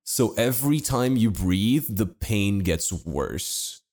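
A man's voice: lowish voice, expressive, slow, darkish tone. A man casually telling a long personal story to friends, laid-back and swearing freely. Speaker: podcast co-host telling a story.

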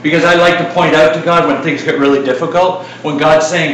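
A man's voice: a little high, brisk. A middle-aged male preacher gives a sermon in a chatty, joking way, with a slightly raised voice. He is heard from a distance in a large hall that echoes strongly, with a faint room hum behind him. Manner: conversational, joking asides, animated retelling.

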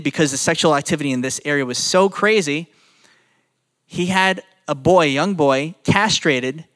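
A man preaching a sermon in a conversational, animated way, acting out quotes as he goes. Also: a little high. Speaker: pastor.

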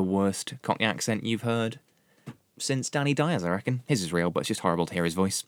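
A low-voiced man rattles through a comic film review at a brisk clip. He is sardonic and sweary, with a deadpan delivery. The sound is dry and close, with no room echo. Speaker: podcast host and film reviewer. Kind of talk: comedic film review monologue.

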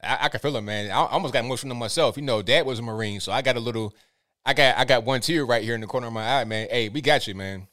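A man's voice: medium pitch, fast. Laid-back male call-in show host. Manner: relaxed, supportive, says man often. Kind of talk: casual call-in talk.

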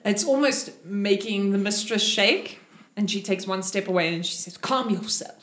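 A woman's voice: medium pitch, moderate pace, a bit bright. Woman game master in an echoey room. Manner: playful, laughs while narrating. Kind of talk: narrating a tabletop game.

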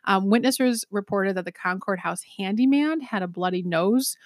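A woman's voice: medium pitch, no echo. Woman podcaster rambling thru a true crime case, lots of ums, dry close mic. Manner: chatty, many ums, swears, quick laughs. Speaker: podcast co-host. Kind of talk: casual true-crime storytelling.

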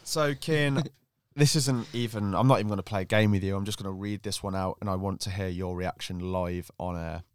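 A man's voice: sits low, fairly even intonation, brisk, hardly any pauses, smooth. Dry, sarcastic male podcast co-host. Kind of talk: casual banter.

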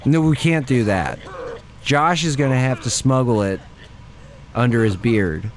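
A man's voice: mid-range voice, measured pace. A young man joking and swearing through casual gaming banter with friends. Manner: joking, excitable, swears a lot. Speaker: gamer.

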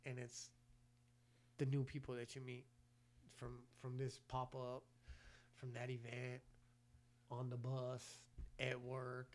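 A man's voice: mid-range voice, completely flat delivery, takes it slowly, long pauses. A man hosting a podcast in casual chat, slangy and profane, often stammering as he restarts his sentences. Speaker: podcast host.

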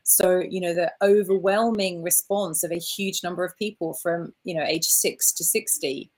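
An Australian woman with a fairly low voice tells stories in a lively interview. She acts out the quotes as she talks and keeps filling her answers with "look" and "you know". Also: moderate pace. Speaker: orchestra founder, guest.

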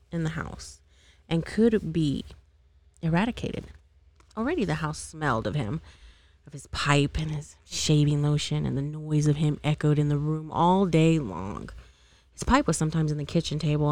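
A woman's voice: deep voice, no echo. A woman reading a novel aloud as an amateur, unpolished, with occasional slips and re-reads. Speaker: amateur reader.

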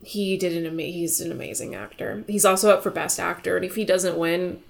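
A woman's voice: fairly low pitch, steady tone, a little fast, gravelly. A young woman co-hosting a casual film review podcast, talking in a rambling way with lots of "like" and acting out scenes. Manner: rambling, filler-heavy, acts out scenes in voices. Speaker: podcast co-host.

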